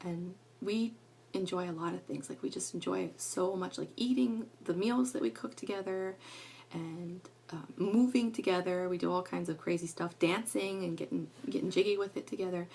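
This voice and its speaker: A woman's voice: on the low side, normal speed, vocal fry, a little mellow, slight background noise. A middle-aged woman talking casually to camera at home, rambling and earnest with lots of fillers. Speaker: parenting vlogger.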